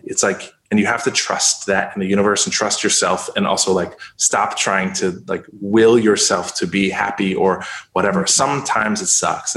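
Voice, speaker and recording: A man's voice: on the low side, a bit bright, roomy sound. A man speaking as a guest in an interview, rambling and full of "like" as he encourages people through hard times. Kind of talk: casual interview talk.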